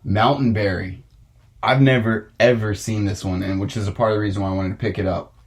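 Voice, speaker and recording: A man's voice: on the low side, fairly even intonation, fairly quick, slightly rough. A young man hosting a casual podcast chat, ranting and swearing with frequent laughs. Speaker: podcast host.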